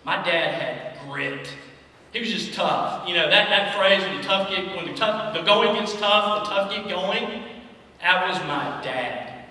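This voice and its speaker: A man's voice: high voice, unhurried, bright, forceful tone. A man speaking as a son at a memorial, telling affectionate, humorous stories about his father. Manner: affectionate, joking storyteller. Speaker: son giving a eulogy. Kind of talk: memorial tribute speech. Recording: echoey hall, distant mic, background noise.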